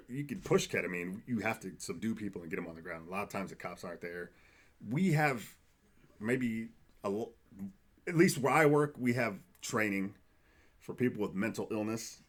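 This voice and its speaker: A firefighter with a fairly low voice chats casually on a podcast, swearing a lot. He tells animated stories, acting out the quotes.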